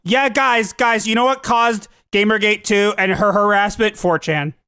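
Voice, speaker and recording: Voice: medium pitch, fairly even intonation, moderate pace, bright, forceful tone, smooth, no echo, clean studio sound. A host giving sarcastic reaction commentary, full of mocking asides.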